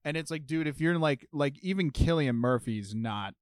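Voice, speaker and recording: A man's voice: fairly high pitch, expressive, moderate pace, clean tone, dry recording, studio quality. A man talking as a podcast guest in casual chat, laid-back, laughing often and swearing casually. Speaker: musician guest.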